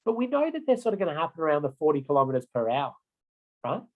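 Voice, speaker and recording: A man's voice: fairly high pitch, big pitch swings, fast, narrow, tinny audio. A middle-aged man giving an online road safety training lecture, chatty, often checking in with "right?" and "okay?".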